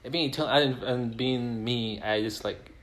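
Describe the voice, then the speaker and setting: A man's voice: medium pitch, moderate pace, a bit bright. A man co-hosting a podcast, chatting casually in an easygoing way with many ums and restarts. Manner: easygoing, hesitant, many fillers. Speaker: podcast co-host. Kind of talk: casual chat.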